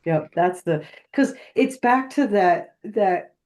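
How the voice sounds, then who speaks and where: A co-host in a relaxed podcast chat with an ordinary, mid-range voice. The talk is reflective and thoughtful, agreeing with a partner and working ideas out aloud. The speech sometimes trails into small restarts as thoughts form. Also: medium pitch, takes it slowly. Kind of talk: casual chat.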